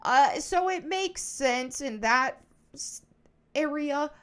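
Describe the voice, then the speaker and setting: A woman YouTuber giving casual, animated video commentary and laughing often. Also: high voice, takes it slowly.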